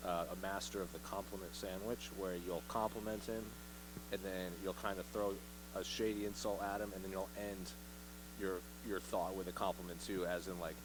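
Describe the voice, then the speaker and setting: A man's voice: sits low, level tone, moderate pace, noisy background. A male reporter asking a fighter long, hesitant questions full of fillers. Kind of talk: interview questions.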